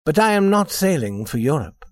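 A man voicing a polished young gentleman traveller, soft-spoken and courteous, in a story reading. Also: on the high side, sing-song, normal speed, no echo, studio quality, pitched above the performer's own voice.

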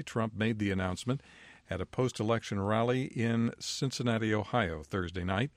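A man reading a scripted world news bulletin as the anchor, in a measured, even newsreader delivery. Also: fairly low pitch, no room sound.

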